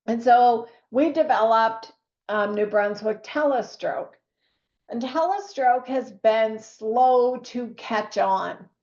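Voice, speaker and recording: A woman, a nurse telling a lively story to fellow nurses, acting out what others said. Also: a little high, slow pace. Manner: animated storyteller who acts out quoted voices. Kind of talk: storytelling talk to an audience. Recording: echoey, slightly dull room recording.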